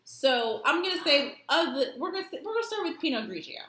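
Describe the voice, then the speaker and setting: A woman with a lively, animated voice that swings up and down as she jokes through a wine tasting. She rambles loosely while she explains things. She is recorded in an echoey room. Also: high-pitched, fast, a little hiss or hum. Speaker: co-host. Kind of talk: casual wine review chat.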